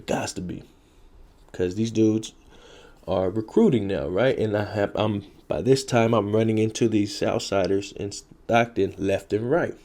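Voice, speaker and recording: A man's voice: fairly low pitch, mellow. A man telling a story from his past in blunt, profane street talk, repeating key phrases for effect. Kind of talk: casual street storytelling to camera.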